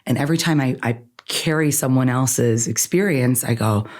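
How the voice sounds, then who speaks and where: A woman's voice: extremely low pitch, normal speed. Earnest woman guest who keeps saying "right?". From Iran. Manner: earnest, animated, says "right?" constantly. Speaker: attorney and podcast guest. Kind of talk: conversational interview.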